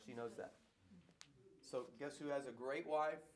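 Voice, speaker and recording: A middle-aged man, a pastor, answering audience questions in a lively, playful way that keeps circling back on its points. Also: mid-range voice, measured pace. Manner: animated preacher, playful, repeats himself.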